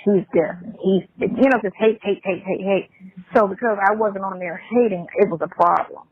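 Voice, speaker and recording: Husky woman over a tinny phone line. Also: medium pitch, normal speed. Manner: chatty, defensive. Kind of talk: casual chat on a call.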